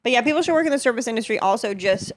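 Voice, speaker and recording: Thirties woman hosting a podcast; loose, animated, profane chat with a slightly high voice. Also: very fast. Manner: animated, swears freely, laughs often. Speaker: podcast host. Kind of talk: casual chat.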